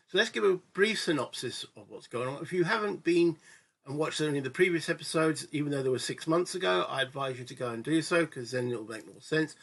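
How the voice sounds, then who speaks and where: A man's voice: medium pitch, a bit bright, slightly rough. A man hosting his own gaming channel, chatting through a solo board game session in a rambling way and often correcting himself. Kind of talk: casual solo board game let's-play commentary.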